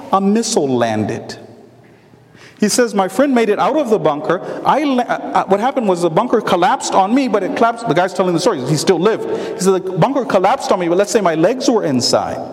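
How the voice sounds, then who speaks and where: A man preaching a sermon to brothers and sisters, telling a story with animated quoted voices. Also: very high-pitched, long reverb tail.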